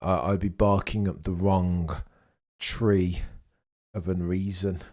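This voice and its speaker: A young man talks casually on a live stream. His voice sits a little low, and he chats freely as he reads out and answers viewers' messages. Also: steady tone, takes it slowly, a little mellow. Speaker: livestream host. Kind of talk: casual live watchalong commentary.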